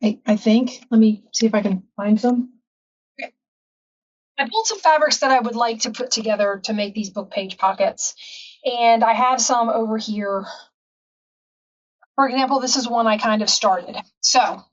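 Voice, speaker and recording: A woman's voice: fairly high pitch, normal speed, long pauses, far from the mic, lo-fi sound. A woman hosting a casual craft tutorial, chatting and rambling with frequent ums in her home craft room. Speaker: craft channel host.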